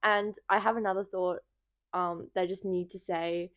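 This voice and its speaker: A woman's voice: on the low side, steady tone, normal speed, a bit bright, dry recording, lo-fi sound. A young woman guesting on a podcast, chatting casually and giving blunt, offbeat opinions with a laugh. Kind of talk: casual chat.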